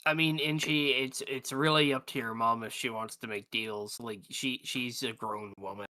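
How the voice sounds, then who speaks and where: Bright, dry-voiced man at the game table. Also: mid-range voice, fairly even intonation, moderate pace, dry recording. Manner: chatty, hesitant, asks rules questions. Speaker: player. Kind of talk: casual chat.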